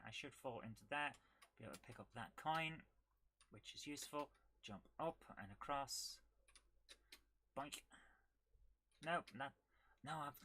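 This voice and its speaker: Bright-voiced woman chatting through a game. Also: very deep voice, a little hiss or hum. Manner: chatty, thinks aloud, hums along to the game. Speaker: retro gaming streamer. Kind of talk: live gameplay commentary.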